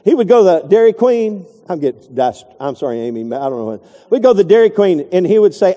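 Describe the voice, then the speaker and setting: A man's voice: high-pitched, big pitch swings, fairly quick, few pauses, mellow, big-room sound. A middle-aged man preaching a folksy, digressive sermon, acting out quotes along the way. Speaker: pastor.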